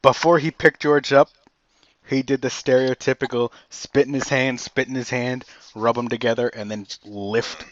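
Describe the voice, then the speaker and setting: A man running a tabletop game, narrating casually with halting pauses. His voice sits in a middle register and sounds slightly muffled and lo-fi in a dry room. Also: medium pitch, little pitch movement, no room sound. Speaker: game master.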